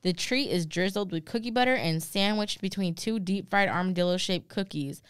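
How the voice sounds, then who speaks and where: A woman's voice: lowish voice, moderate pace, clean tone, no room sound, studio quality. A woman co-hosting a casual podcast, reading fair food descriptions aloud with playful asides and easy laughter. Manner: reads menu blurbs aloud with playful asides, laughs easily. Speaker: podcast co-host.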